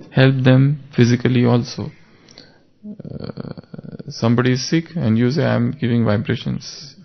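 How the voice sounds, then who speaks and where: A man with a gravelly, medium-pitched voice gives a spiritual talk in the form of a class, taking his time and favoring stories. He repeats key words to drive his points home, and the recording sounds dull and lo-fi.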